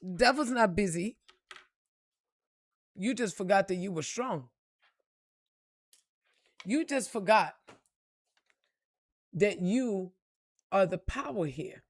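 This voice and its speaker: A woman delivers a motivational spiritual monologue with blunt, profane emphasis. She keeps asking her listeners rhetorical questions, in a middle pitch. The recording is dry and close. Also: lively intonation, slow, pauses often, no echo. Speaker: spiritual reader and motivational speaker.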